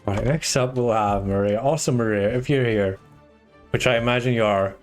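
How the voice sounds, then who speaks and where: A man's voice: medium pitch, normal speed, soft background music. A man from Germany, chatting casually while commentating a live fighting-game tournament and handling its organization. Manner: chatty, restarts sentences, excitable on big plays.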